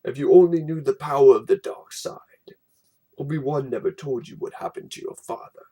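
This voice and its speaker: A man voicing a menacing dark lord villain, reading lines aloud from a storybook in a deep, slow, dramatic voice. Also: husky, lightly acted, poor audio.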